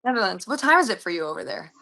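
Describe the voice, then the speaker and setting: Young US actress, casual interview guest, bright voice, rambling and chatty with lots of fillers. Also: female voice, medium pitch, very animated, racing, creaky. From United States.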